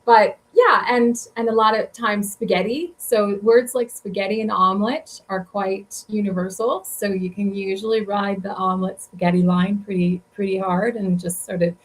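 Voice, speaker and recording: A woman's voice: mid-range voice, fairly even intonation, moderate pace, few pauses, rough recording. A woman guest telling travel stories in a casual interview, chatty and rambling with many fillers. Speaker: guest author.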